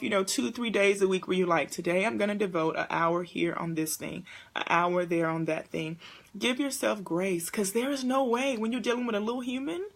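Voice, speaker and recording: A young woman hosting a casual live-stream talk, animated and speaking straight to her viewers. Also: mid-range voice, creaky. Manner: animated, talks to viewers as "y'all" and "honey". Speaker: host.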